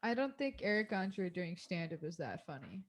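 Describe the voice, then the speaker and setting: A young woman co-hosting a loose podcast, with a lively, swooping delivery. She teases her friends bluntly and swears casually in relaxed chat. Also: lowish voice, moderate pace. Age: young adult. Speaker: podcast co-host.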